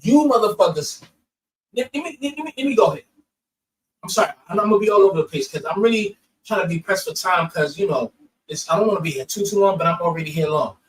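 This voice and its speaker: A man hosting reaction commentary, rambling and profane, with hurried restarts. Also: high voice, lively intonation, far from the mic, slight background noise, low-quality recording. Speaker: commentary host.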